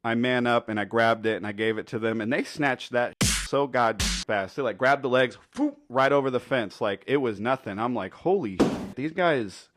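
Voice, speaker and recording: A man's voice: medium pitch, normal speed, over music. A man telling a funny story in a casual, rambling, foul-mouthed way. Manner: laid-back, profane, rambling. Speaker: storytelling commentator.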